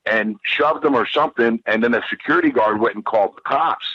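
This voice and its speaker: A man's voice: medium pitch, a little fast, breathy edge, no room sound, lo-fi sound. A man who is a guest on a podcast, telling a rambling, heated, profane story and repeating himself as he goes.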